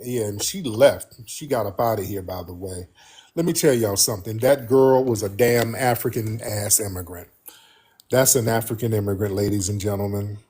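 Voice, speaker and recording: A man's voice: lowish voice, moderate pace, mellow, slightly rough. A man hosting a call-in talk show, preachy and indignant, repeating his warnings to listeners. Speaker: radio show host.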